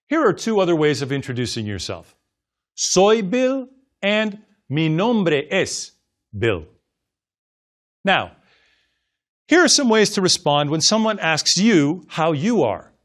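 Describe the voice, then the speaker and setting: Guy teaching a language lesson, slow and careful, kinda high voice that moves around a lot. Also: a bit bright. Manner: slow, careful, exaggerated enunciation for repetition drills. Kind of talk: scripted language lesson narration.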